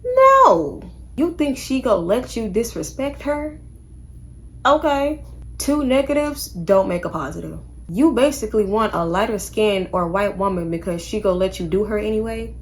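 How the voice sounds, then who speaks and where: A woman's voice: mid-range voice, moderate pace, few pauses, darkish tone. A young woman giving casual commentary in a vlog, sassy and emphatic, firing off rhetorical questions. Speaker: commentary vlogger.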